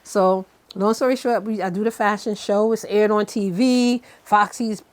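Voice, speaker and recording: A woman's voice: mid-range voice, moderate pace. A middle-aged woman from Brooklyn, telling stories as an interview guest and acting out other people's lines. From Brooklyn, New York. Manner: animated storyteller who acts out other people's lines. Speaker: guest, fashion designer. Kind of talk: casual interview storytelling.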